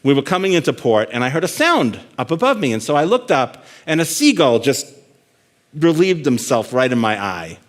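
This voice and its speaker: A man's voice: mid-range voice, very animated, moderate pace, pitched above the performer's own voice, lightly acted. A man telling of a boastful old pirate, no accent. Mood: deadpan boasting. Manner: storytelling, matter-of-fact, no pirate accent. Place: conference stage.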